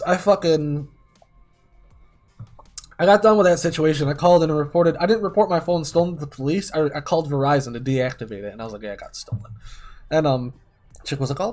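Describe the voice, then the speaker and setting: Rambling, swearing male streamer. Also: on the high side. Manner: rambling, heavily profane, many fillers. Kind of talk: casual storytelling while gaming.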